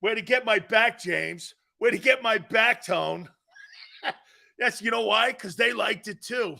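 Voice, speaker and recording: A man's voice: high voice, measured pace, creaky. A man hosting a live sports talk show, teasing viewers and laughing often as he reads their comments. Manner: animated, teasing, laughs often, mock apologies.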